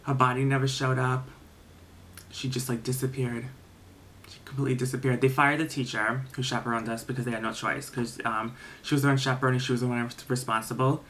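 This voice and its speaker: A man's voice: medium pitch, flat delivery, fairly quick, a bit bright, a little hiss or hum. Rambling young man telling a story. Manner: rambling, filler-heavy, swears freely. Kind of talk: casual storytime narration.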